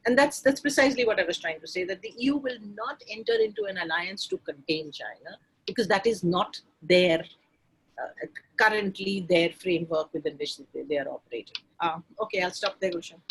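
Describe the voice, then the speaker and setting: A woman speaks on an online academic panel with a slightly husky voice. Her pitch rises and falls in lively swings while she hesitates, restarts and circles back to her point. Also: poor audio. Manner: halting, many restarts. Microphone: remote video call.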